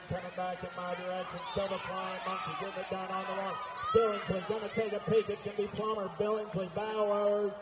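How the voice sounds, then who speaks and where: A man with a high, fairly level voice calls a race live in a rapid-fire run of names and positions. His voice comes through loudspeakers, heard from a distance with a strong echo. Clear outdoor noise sits underneath it. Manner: rapid-fire call of riders, rising excitement at finishes. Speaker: race announcer. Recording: echoey loudspeaker heard from far off.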